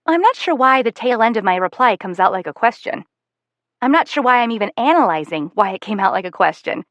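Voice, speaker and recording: A woman's voice: a little high, big pitch swings, fairly quick, a bit bright, dry recording, dull audio. Casting: female audiobook narrator, first-person novel, wry and conversational, dry close sound. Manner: wry, self-aware, conversational.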